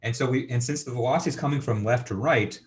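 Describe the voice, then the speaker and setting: A man's voice: mid-range voice, quick pace, a little hiss or hum. A man giving a university engineering lecture, thinking aloud with lots of fillers and checking in with students.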